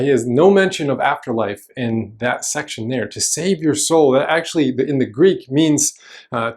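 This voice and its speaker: Man preaching a chatty, casual sermon. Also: mid-range voice. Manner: casual, explanatory teaching with frequent fillers and restarts. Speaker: pastor. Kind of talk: conversational sermon. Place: church.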